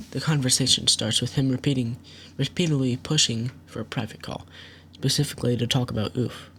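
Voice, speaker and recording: A man at an ordinary pitch walks through a falling-out step by step, firm and accusatory. He reads back messages line by line and explains why each one matters. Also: a bit bright, a little hiss or hum. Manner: methodical, reads chat messages aloud line by line. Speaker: channel host. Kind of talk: recounting a dispute to camera.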